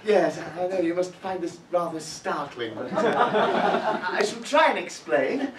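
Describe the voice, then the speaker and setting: Flustered posh man, lively voice. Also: high-pitched, unhurried, few pauses. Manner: flustered, posh and apologetic, full of hesitations. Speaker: stand-up comedy performer. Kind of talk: stand-up sketch monologue to a live audience. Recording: echoey room, far from the mic, noisy. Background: audience laughter.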